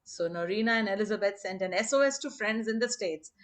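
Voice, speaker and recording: A woman's voice: mid-range voice, a little fast. A woman reading anecdotes aloud on a video call, laughing often and acting out the quotes. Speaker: storyteller on a group video call.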